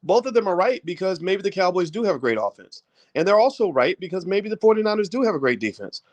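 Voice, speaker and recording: A man giving a casual, animated talk on finance straight to his viewers at a desk mic, with folksy asides. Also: high-pitched, fast talker, no echo, lo-fi sound. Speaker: finance commentator. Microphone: desk microphone.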